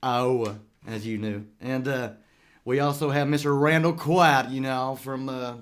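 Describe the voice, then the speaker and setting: A man's voice: medium pitch, steady tone, measured pace, clean tone. A man hosting a radio show in a studio, chatting in a folksy, joking, rambling way. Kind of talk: casual radio chat. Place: recording studio.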